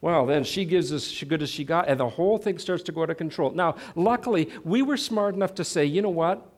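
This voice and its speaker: A middle-aged Christian speaker, fairly high-pitched and brisk, tells a personal story during a sermon. He pokes fun at himself and acts out the quoted dialogue.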